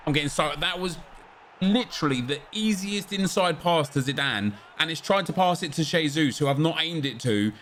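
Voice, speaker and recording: A man's voice: on the high side, lively intonation, normal speed, a bit bright, a little hiss or hum. A man hosting a gaming video, commentating live on his own play in an exasperated way, repeating himself and swearing.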